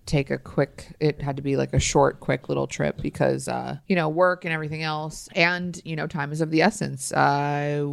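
A young pregnant woman co-hosting a casual podcast, chatty with quick teasing asides. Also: low voice, fairly even intonation, creaky. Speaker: podcast co-host. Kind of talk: casual chat.

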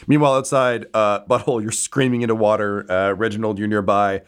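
A man's voice: on the low side, level tone, brisk, clear, resonant tone. A man running a tabletop game as game master, narrating with many hesitations and fillers.

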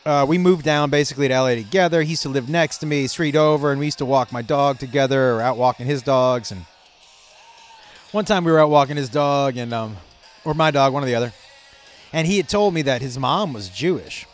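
A man hosting a comedy podcast, telling stories in a profane, animated way and laughing at his own jokes. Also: mid-range voice, brisk. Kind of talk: casual comedic monologue. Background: faint rock music playing.

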